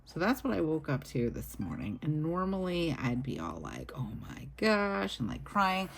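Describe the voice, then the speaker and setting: This planner vlogger speaks low, with wildly swooping pitch, vocal fry, and normal speed, over slight background noise. Setting up her weekly planner at her home desk, she rambles upbeat to a camera placed low on the desk in a casual plan-with-me chat.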